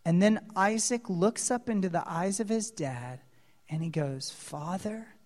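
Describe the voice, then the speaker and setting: A man preaching a storytelling sermon, dramatic, moving from hushed asides to loud exclamations and asking listeners questions, in a hall with long reverb. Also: high voice, lively intonation, measured pace.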